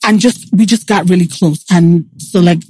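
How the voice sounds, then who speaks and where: A woman recounting her own story as an interview guest, in a mellow, warm voice. She talks in an animated way, full of restarts, and puts on voices for the people she quotes. The sound is dry and close. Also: on the low side, moderate pace, breathy edge, no echo.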